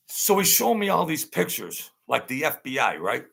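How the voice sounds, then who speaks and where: Older new guy telling a story, real gravelly bright voice, rambles and repeats himself. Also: medium pitch, lively intonation, normal speed, hardly any pauses. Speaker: channel host. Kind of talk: casual storytelling.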